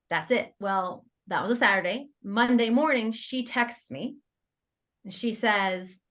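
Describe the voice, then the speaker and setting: A woman guest on an interview podcast, telling a personal story in a casual, animated way. She laughs often and acts out her own thoughts as quoted lines. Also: mid-range voice, normal speed. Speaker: guest entrepreneur.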